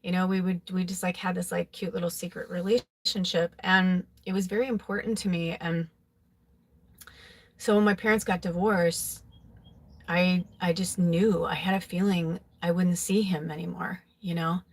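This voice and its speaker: Low-voiced woman telling a rambling confessional story. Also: little pitch movement, normal speed. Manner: rambling, filler-heavy, with frequent "like"; emotional, confessional. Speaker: psychic tarot reader. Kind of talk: casual personal storytelling.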